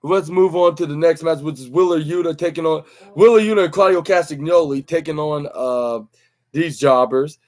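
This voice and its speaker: Young male podcast host, slightly high voice, loose rambling recap delivery with lots of fillers. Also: moderate pace, a little mellow. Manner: rambling, many fillers and restarts, acts out quotes. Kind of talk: casual wrestling recap.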